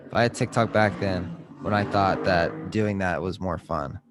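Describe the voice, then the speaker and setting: A man's voice: low voice, normal speed, over music. A young man in his twenties co-hosting a podcast, chatting casually and joking with loose, profane language. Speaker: podcast co-host. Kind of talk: casual chat.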